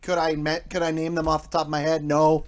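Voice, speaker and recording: A man's voice: fairly high pitch, completely flat delivery, quick pace, crowd noise. A man co-hosting a podcast, blunt and mocking toward his co-hosts in casual chat. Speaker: podcast co-host.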